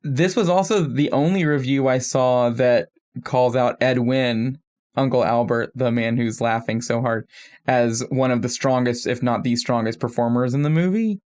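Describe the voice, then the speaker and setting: Casting: man, mid-pitch, casual podcast co-host, lively and self-deprecating. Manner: animated, self-deprecating, quick asides. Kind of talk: casual film discussion.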